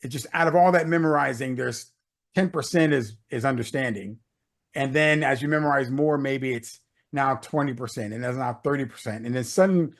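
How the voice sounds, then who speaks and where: A middle-aged American leadership consultant, a guest telling a personal story in a casual interview, with many "uh"s and "you know"s. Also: male voice, mid-range voice. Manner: anecdotal, repeats words, many "uh" and "you know".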